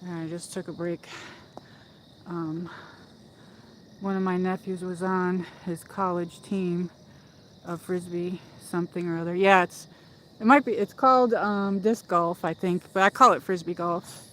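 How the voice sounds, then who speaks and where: A woman's voice: fairly low pitch, steady tone, measured pace, a bit bright, slight background noise, poor audio. A woman hosting a casual livestream while walking up a hill in a park outdoors, chatty and rambling, out of breath, on a phone mic. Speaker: livestream host.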